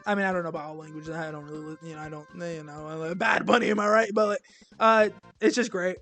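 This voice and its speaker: A man's voice: fairly high pitch, steady tone, music in the background. Rambling young man ranking albums. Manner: rambling, halting, self-deprecating, many restarts. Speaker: music reviewer. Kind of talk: casual album ranking monologue.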